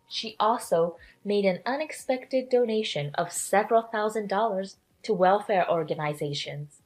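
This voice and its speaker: A woman's voice: mid-range voice, low-quality recording. A woman narrating a scripted drama story in the first person, blunt and sarcastic.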